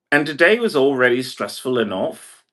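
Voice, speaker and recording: A man's voice: medium pitch, pushed and bright. A man from Brazil talking in a meandering livestream monologue, packing nearly every phrase with "like" and other fillers. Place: indoor room.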